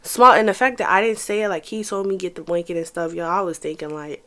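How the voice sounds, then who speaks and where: A young woman, telling a casual storytime to her viewers in an animated, profane way, talking straight to them. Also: lowish voice, fast, few pauses. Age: young adult.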